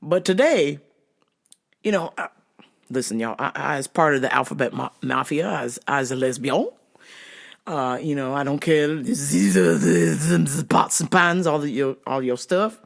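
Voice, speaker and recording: A woman's voice: extremely low pitch, unhurried, creaky. A woman in her thirties hosting, telling a comedic story with profanity and frequent laughter. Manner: animated, profane, laughing often. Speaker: host.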